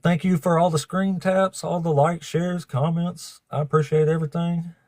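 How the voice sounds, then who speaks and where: A man's voice: on the high side, fairly even intonation, normal speed, darkish tone, dry recording. A man hosting a livestream of debates, chatting casually with viewers, swearing freely and laughing often. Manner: profane, laughing, talks to chat.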